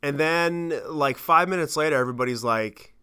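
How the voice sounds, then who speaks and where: A man in his thirties telling a travel story on his podcast, animated and rambling, with lots of swearing and fillers. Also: a little high, normal speed, clear, resonant tone. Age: 30s. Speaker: podcast host. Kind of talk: casual storytelling monologue.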